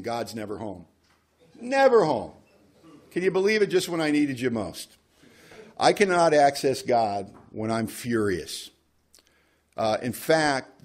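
Joking, plainspoken man leading a workshop. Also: mid-range voice. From United States. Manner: conversational, joking asides, reads passages aloud. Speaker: workshop speaker. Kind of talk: recovery workshop talk reading aloud.

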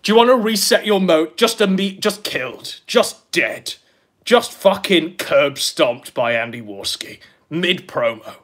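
A male commentator with a husky voice whose pitch swings up and down as he mocks his target. His talk is crude and profane, with a sneering, taunting tone. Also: expressive, a little slow, fairly bright tone. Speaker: online commentator.

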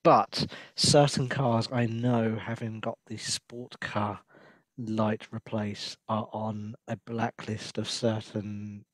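A laid-back man co-hosting a car podcast, his voice sitting a little low. He keeps his answers short and casual. The recording is dry with no room sound. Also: flat delivery, slow pace, no room sound, rough recording. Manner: laid-back, brief replies. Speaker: podcast co-host. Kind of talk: casual chat.

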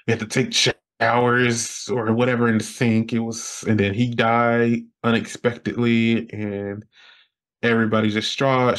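Man, podcast guest, casual storytelling, mid pitch, rambling, fillers, animated quoting. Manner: animated, jumps high when quoting others.

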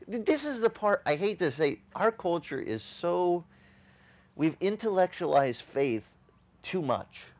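A man preaching a sermon as a pastor. He talks conversationally, quizzes the congregation with rhetorical questions and mocks opposing views in dismissive quoted voices. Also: medium pitch. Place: outdoor beach service.

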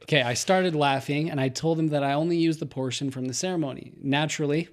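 A man's voice: fairly high pitch, fast talker. A young man co-hosting a podcast, reading a listener's story aloud and chatting, laughing often as he talks. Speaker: podcast co-host.

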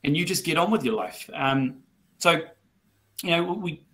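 A man's voice: a little high, lively intonation, a little slow, a bit bright. A man, giving property investment advice on a webinar video call, chatty with many repeated words and ums. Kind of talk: webinar panel talk.

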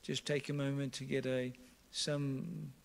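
A male pastor leading communion and prayer, with slow, repetitive prayerful phrasing. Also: mid-range voice, little pitch movement, creaky.

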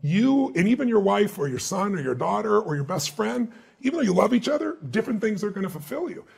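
A man's voice: sits high, fast, gravelly, breathy edge. A man being interviewed as a guest speaker and author, telling stories emphatically and acting out the dialogue he quotes. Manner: animated, emphatic storyteller who acts out quoted dialogue. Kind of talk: interview storytelling.

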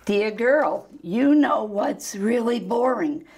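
Slow, tender older woman reading. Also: a little high, animated, darkish tone, slight background noise. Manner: slow, tender, repeated address to a child. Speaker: storytime reader. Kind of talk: reading a children's book aloud.

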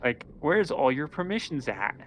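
A man commentating on a game stream with friends, throwing in dry, deadpan jokes. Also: on the high side, moderate pace, a little hiss or hum, poor audio. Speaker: panel commentator. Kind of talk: casual group commentary.

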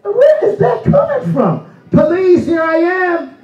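A pastor with a very high voice delivers a folksy, plainspoken sermon, slowly, with huge pitch swings and shouts for emphasis. He sounds distant in a spacious church sanctuary, the recording a bit dull, with some chatter in the background.

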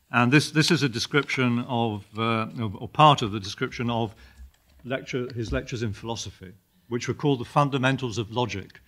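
Halting older male lecturer. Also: medium pitch, fairly bright tone. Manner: halting, repeats words, many fillers. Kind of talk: university lecture with read passages.

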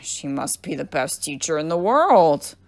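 A woman reading aloud, voicing a slow-witted male yard teacher who drawls his lines. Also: low voice, big pitch swings, gravelly, exaggerated voice. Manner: slow, drawn-out, loud. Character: slow, clueless man, school yard teacher.

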